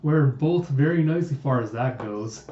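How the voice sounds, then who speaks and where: A man's voice: medium pitch, lively intonation, moderate pace, warm tone, reverberant, lo-fi sound, lightly acted. A man voicing a cheeky, crude young man who teases everyone, in a comic readthrough. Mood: teasing. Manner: mocking, slangy.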